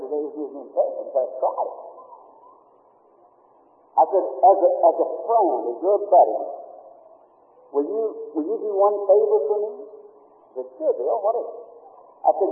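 A man preaching a sermon, telling a folksy story and then rising into emphatic exhortation. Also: a little high. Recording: echoey hall over a tinny lo-fi old recording.

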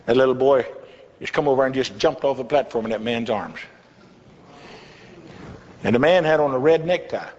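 An older male pastor tells a folksy testimony from the pulpit, his voice at an ordinary middle pitch. His speech carries a long reverb, as if heard in a large church hall. The recording sounds slightly dull, with a faint hiss underneath. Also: animated, moderate pace, long pauses, a little mellow. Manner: folksy storytelling with chuckling asides. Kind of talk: sermon testimony.

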